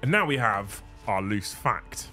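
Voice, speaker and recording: A man in his thirties hosting a livestream, animated and joking, swearing casually, on a studio mic. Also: fairly low pitch, measured pace, faint music behind. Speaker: livestream host.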